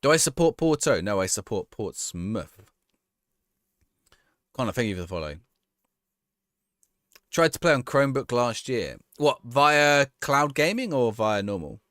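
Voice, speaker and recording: A man's voice: mid-range voice, animated, a little slow, pauses often, a bit bright, no room sound, clean studio sound. A man streaming a game, reading out viewers' questions and answering them offhand in casual chat, often restarting his sentences.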